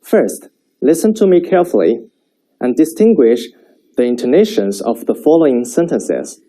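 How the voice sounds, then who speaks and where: A man teaching a Chinese language lesson, speaking slowly and clearly so learners can repeat after him. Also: medium pitch, big pitch swings, mellow, low-quality recording. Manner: slow, clear modeling of sentences for repetition.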